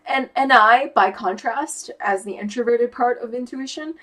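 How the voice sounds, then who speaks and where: A young woman with a fairly high, slightly bright voice speaks at normal speed over poor audio. Talking casually to camera as a YouTuber on personality types, she thoughtfully thinks aloud about how her mind works, searching for words amid fillers and restarts.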